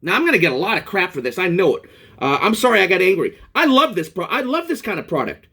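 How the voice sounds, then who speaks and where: Angry man ranting, lively high voice. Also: fast talker, slightly rough. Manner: angry, profane, rambling rant with restarts. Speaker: product reviewer. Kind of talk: ranting vlog.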